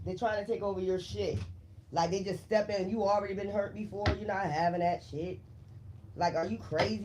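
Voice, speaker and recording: A man's voice: sits high, darkish tone, slight background noise. A man giving a casual, profane tarot reading straight to the viewer, emphatic and laughing between lines. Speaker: tarot reader.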